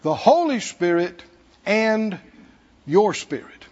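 A man's voice: high voice, big pitch swings, slow pace, a little mellow, highs cut off. A man with a Southern American accent preaching a sermon in a church, folksy and humorous, chuckling between points. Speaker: pastor. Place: church sanctuary.

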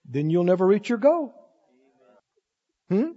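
A man preaching a sermon in a very high, husky voice that rises and falls with lively energy. He quizzes the congregation and acts out the voices of doubters. The recording sounds dull and carries a long hall echo. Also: normal speed, pauses often. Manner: preaching with call-and-response questions. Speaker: pastor.

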